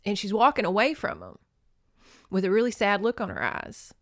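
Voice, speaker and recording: A woman's voice: medium pitch, huge pitch swings, normal speed, fairly bright tone, dry recording, clean studio sound. A woman hosting a podcast, giving a folksy, sentimental recap of a movie and laughing often. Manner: fond and sentimental storytelling. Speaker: podcast host.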